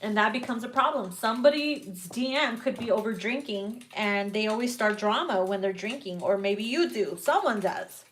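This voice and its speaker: A woman's voice: medium pitch, moderate pace, few pauses, a bit bright, slight background noise. A young adult woman giving a casual tarot reading, sassy and profane, often breaking into laughter at her own jokes. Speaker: tarot reader.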